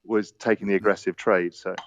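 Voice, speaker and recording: A man telling stories on a podcast as a guest, animated, laughing, quoting the people in them. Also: deep voice, a little fast, lo-fi sound. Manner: animated anecdotes with laughter and quoted dialogue. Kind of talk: casual storytelling.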